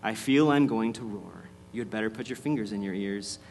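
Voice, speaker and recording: A man reading as a calm, noble great lion. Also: fairly low pitch, brisk, gravelly, slight background noise.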